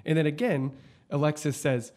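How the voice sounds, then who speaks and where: A man co-hosting a podcast in casual chat, animated and swearing freely as he recounts scenes. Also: fairly high pitch, moderate pace. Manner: animated, swearing, quotes scenes in put-on voices. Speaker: podcast co-host.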